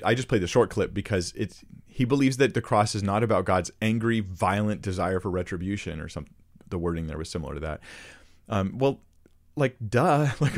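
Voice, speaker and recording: Low-voiced man giving earnest commentary. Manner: earnest, rhetorical questions, quick restarts. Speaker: Christian commentator. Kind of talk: casual commentary on played clips.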